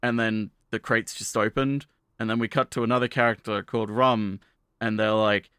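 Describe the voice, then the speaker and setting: A man's voice: lowish voice, fairly even intonation, moderate pace, a bit bright, clear, resonant tone, no room sound, clean studio sound. A man co-hosting a casual anime podcast. He rambles with lots of "like" fillers and recaps scenes by acting out the characters' lines. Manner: rambling, heavy use of "like" fillers. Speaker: podcast co-host.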